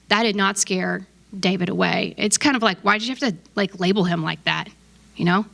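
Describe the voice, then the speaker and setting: A woman's voice: mid-range voice, brisk, gravelly, a bit bright. A woman pastor giving a casual sermon, conversational and emphatic, with asides to her listeners.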